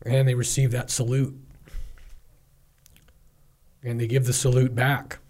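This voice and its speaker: A man's voice: medium pitch, little pitch movement, a little slow, a little mellow. A man co-hosting a podcast, retelling a story in an enthusiastic, loose way with lots of fillers. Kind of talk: casual podcast chat.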